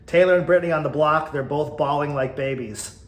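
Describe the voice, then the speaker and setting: A man's voice: on the high side, brisk, echoey room. A man hosting a podcast, giving blunt, exasperated commentary and laughing often. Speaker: podcast host. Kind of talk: casual opinion commentary.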